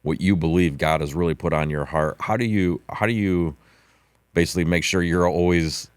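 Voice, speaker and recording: A man hosting a podcast, asking halting questions and giving short encouraging replies. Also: deep voice, steady tone, no room sound. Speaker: podcast host. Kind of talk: podcast interview.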